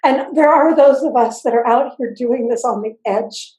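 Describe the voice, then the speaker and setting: Older woman, fairly high and mellow voice, intense halting testimony, echoey room. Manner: earnest, intense, halting with repeats. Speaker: interview guest. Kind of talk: personal testimony. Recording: roomy echo.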